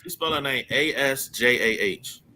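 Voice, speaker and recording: A man, a father, chatting casually on a podcast in a loose, halting way full of fillers. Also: mid-range voice, bright, forceful tone.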